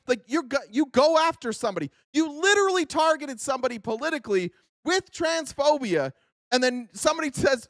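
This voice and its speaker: A man's voice: very high voice, expressive, a little fast, fairly bright tone, dry recording, studio quality. An American man hosting a political commentary livestream, ranting in an angry, profane and mocking way.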